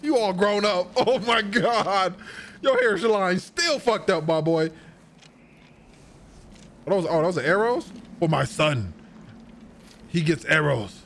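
A young man reacting to a video game as he plays, excitable and profane, with loud outbursts and banter. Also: sits high, takes it slowly, long pauses, slight background noise.

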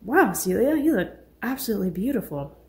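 Audiobook role: cheerful, joking male party guest, loud and upbeat, voiced by a woman narrator. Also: mid-range voice, sing-song, a little fast, pitched above the performer's own voice. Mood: teasing. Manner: boisterous, teasing. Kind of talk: audiobook character voice.

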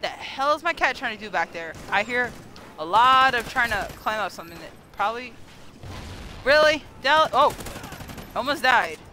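A woman streaming live gameplay commentary, excitable and squealing, talking to the game as she plays. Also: a little high, normal speed, a little hiss or hum.

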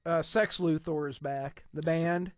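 A man's voice: fairly high pitch, steady tone, unhurried, no room sound, studio quality. A man co-hosting a podcast, telling stories animatedly and acting out characters with laughs. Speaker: podcast co-host. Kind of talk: casual chat.

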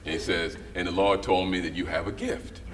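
Deep-voiced middle-aged man telling stories. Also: brisk, music in the background. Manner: animated storyteller who acts out quoted voices. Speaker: guest, writer and director. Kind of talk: storytelling in a casual interview. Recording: slightly distant mic with faint background noise.

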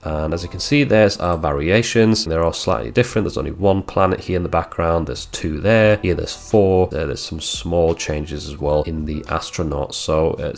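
A man hosting a screen-recorded software tutorial, explaining each step plainly as he walks through the clicks. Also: low voice. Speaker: tutorial host.

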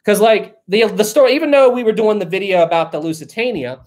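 A live-stream host chatting casually, reading viewer messages aloud, joking, laughing often and thinking out loud. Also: medium pitch, fast.

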